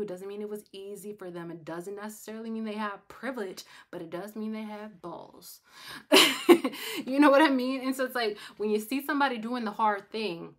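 A young adult woman hosting a casual livestream chat. She talks to her viewers directly, animated and emphatic. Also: mid-range voice. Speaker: livestream host.

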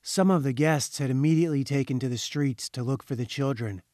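A man reading a haunting short story aloud in a measured, ominous storytelling manner. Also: medium pitch, darkish tone, no echo, studio quality. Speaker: audiobook reader. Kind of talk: scripted narration.

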